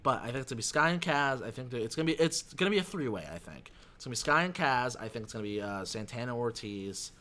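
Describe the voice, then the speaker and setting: Animated, fast-talking man, blunt opinions. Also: medium pitch. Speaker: podcast co-host. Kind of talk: casual wrestling chat.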